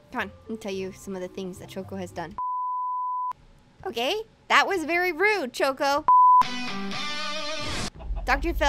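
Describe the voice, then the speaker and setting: Excitable high-voiced woman gaming. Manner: excitable, gasping, talks to her game pets. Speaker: gaming YouTuber. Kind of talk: let's play commentary.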